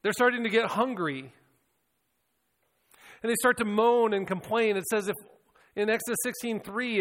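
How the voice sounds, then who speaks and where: A man with a high voice delivers a sermon. He speaks in an earnest, reflective way and often doubles back on his words as he goes. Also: normal speed, pauses often, fairly bright tone, in a large hall. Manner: earnest, reflective, with frequent restarts and repeated words. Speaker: preacher.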